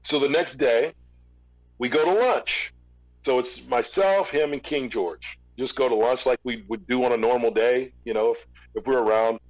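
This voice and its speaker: A man in an interview, casually telling a long story with relaxed restarts. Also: mid-range voice, normal speed, dry recording, poor audio. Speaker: interview guest, former record label executive.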